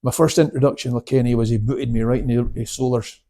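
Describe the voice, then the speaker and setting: A man's voice: medium pitch, steady tone, quick pace, warm tone. A man in his seventies, a karate instructor, telling stories in a casual interview, chatty and laughing, with many restarts. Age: 70s.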